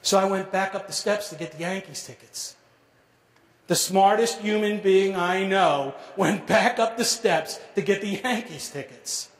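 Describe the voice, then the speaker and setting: A middle-aged man tells a personal story to an audience with measured, dramatic pacing. His fairly high voice drops to a hush at the grave moments. The sound is roomy and echoing, as in a large hall. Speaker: speaker telling a survivor story. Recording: echoey hall.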